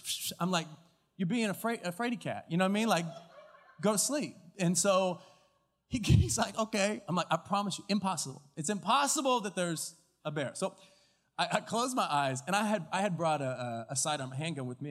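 A male pastor preaching a sermon, telling a story with acted-out dialogue and lively delivery. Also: high-pitched, in a large hall. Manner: animated storyteller, acts out dialogue and shouts at climaxes. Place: church auditorium. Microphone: stage mic with floor monitor.

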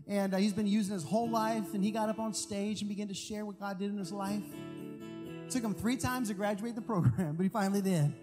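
High-voiced pastor preaching over guitar. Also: male voice, fast. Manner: animated storytelling, emphatic. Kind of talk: sermon. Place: large church hall. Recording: long hall reverb with music. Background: guitar music.

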